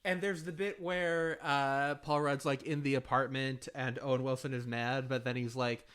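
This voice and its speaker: A young man co-hosting a casual movie podcast, agreeable and quick to chuckle. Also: mid-range voice, fairly even intonation, a bit bright, clean tone. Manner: agreeable listener, chuckles often. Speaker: podcast co-host.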